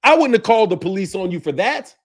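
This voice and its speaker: Heated, high-voiced man ranting. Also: big pitch swings, fast. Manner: heated, confrontational, profane, repeats himself. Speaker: boxing channel host. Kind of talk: ranting commentary to camera.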